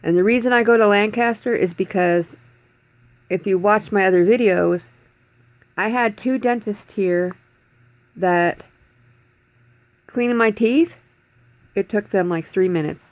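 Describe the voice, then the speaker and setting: A woman's voice: medium pitch, a little slow, pauses often, dry recording, low-quality recording. A woman in her forties talking in a rambling, distressed way in a personal video diary from home, holding back tears. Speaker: vlogger.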